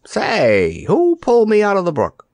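A man's voice: high voice, wildly swooping pitch, measured pace, a little mellow, dry recording, pitched above the performer's own voice, full character voice. A man voicing a complacent male stunt dummy who talks in a breezy, wheezing, self-satisfied way. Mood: brusque.

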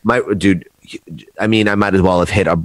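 A man's voice: low voice, fairly quick, dry recording. A young man, telling rowdy stories with lots of swearing in a casual chat. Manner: animated storyteller, swears a lot, acts out quotes loudly. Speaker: podcast guest.

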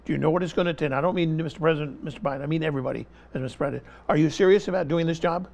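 This man's voice sits a little high and comes out very fast, creaky and somewhat dark in tone. Appearing as an interview guest, he delivers impassioned, emphatic political commentary, hammering the same point repeatedly and talking over anyone who interrupts.

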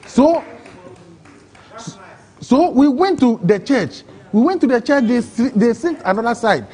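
A man with a Ghanaian English accent, telling his own story in an interview, excitable and acting out other people's words. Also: very high-pitched, measured pace. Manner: excitable, acts out quoted voices, broken phrasing. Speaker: interview guest. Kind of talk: emotional personal storytelling.

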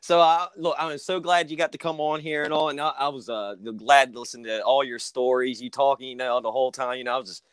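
A man's voice: medium pitch, fairly even intonation, brisk, few pauses, clear, resonant tone, no room sound. A man from the United States co-hosting a podcast over a video call, joking and saying "you know what I mean" a lot. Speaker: podcast co-host. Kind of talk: casual video-call interview.

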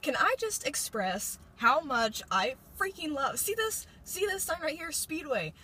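Teen girl from indiana rambling into her phone in the car, kinda high voice, faint hiss behind. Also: big pitch swings, measured pace. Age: late teens. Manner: rambling, bubbly, lots of filler words. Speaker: vlogger. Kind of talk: casual chatty vlog. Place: inside a parked car. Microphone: phone held at arm's length.

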